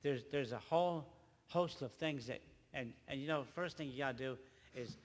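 An older man, a grandfather, preaching a rambling church testimony with halting, repeated words. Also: mid-range voice, big-room sound. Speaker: lay preacher.

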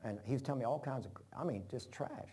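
A man's voice: medium pitch, fast talker, warm tone, husky. A man preaching an informal sermon, folksy and rambling, repeating phrases for emphasis. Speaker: pastor.

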